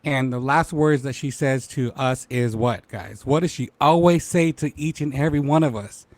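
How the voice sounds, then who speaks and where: A man's voice: medium pitch, moderate pace, dry recording. Playful man hosting a live talk show. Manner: playful, laughing, shouting out viewers. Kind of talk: casual live-stream chat.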